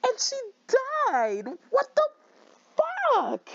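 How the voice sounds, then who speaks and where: A woman's voice: on the high side, lively intonation, slow, a little mellow, muffled recording. A young woman playing a horror game, reacting with panicky swearing and frequent shrieks. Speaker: let's play gamer. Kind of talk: let's play reaction commentary.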